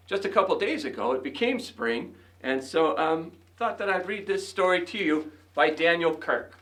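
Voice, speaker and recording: A male educator hosting and reading a children's story aloud, chatting gently to the kids between pages. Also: a little high, sing-song, unhurried.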